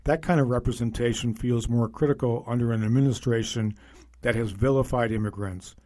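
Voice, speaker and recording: A man narrating a magazine feature in a measured, scripted reading voice. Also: medium pitch, a little mellow.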